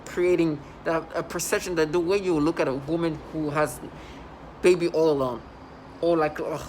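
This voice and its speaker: A man talking in a rambling vlog monologue, halting and restarting, with sudden loud agitated outbursts. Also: on the high side, steady tone, a little hiss or hum, poor audio. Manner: halting, many restarts and fillers. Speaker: vlogger.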